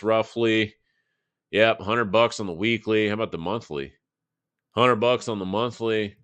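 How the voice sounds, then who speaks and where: Low-voiced, crisp, profane market host. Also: male voice, a bit bright, dry recording. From Texas. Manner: loose and profane, thinking aloud with fillers. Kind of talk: casual live chart commentary.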